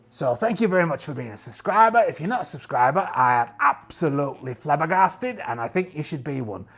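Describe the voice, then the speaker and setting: A man narrating a solo tabletop game as host, chatty and animated with jokey asides, his voice tired and strained. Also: on the high side, gravelly, breathy edge.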